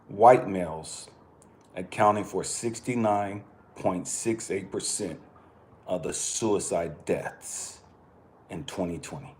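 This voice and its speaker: A man from California speaking bluntly in a personal monologue, cursing freely and swinging from quiet remarks to impassioned outbursts. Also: deep voice, takes it slowly, a little hiss or hum. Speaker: channel host.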